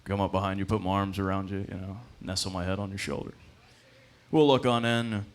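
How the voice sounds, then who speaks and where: A man's voice: low voice, steady tone, brisk. A young man doing a rambling, self-deprecating stand-up comedy set, full of fillers and laughing at his own jokes. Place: comedy club stage.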